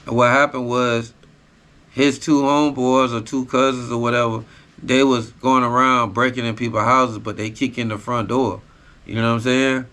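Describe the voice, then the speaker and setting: A man hosts a podcast and tells a hard personal story in blunt, profane street talk. His voice is bright and mid-pitched, and he keeps checking in with the listener as he goes. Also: little pitch movement, moderate pace. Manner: raw, profane street storytelling with repeated tag phrases. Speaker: podcast host. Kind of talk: casual storytelling.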